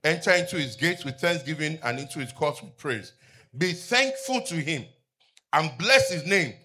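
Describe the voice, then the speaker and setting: Bright-voiced preaching man, call-and-response. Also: on the high side, very animated, measured pace, pauses often, husky. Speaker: pastor. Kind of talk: sermon. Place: church with outdoor canopy seating.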